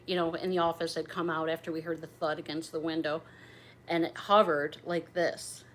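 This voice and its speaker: Here the middle-aged livestream host unwraps presents and chats, bubbly, effusive and a little risqué. Her voice is pitched fairly low and sounds a bit bright.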